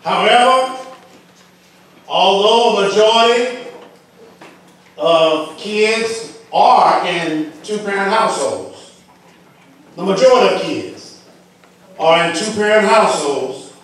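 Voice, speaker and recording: A male pastor with a Southern US accent, reading scripture slowly and then preaching with rising emphasis in a church. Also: high-pitched, animated, fairly bright tone. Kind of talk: sermon. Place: church sanctuary. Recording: echoey hall, distant mic.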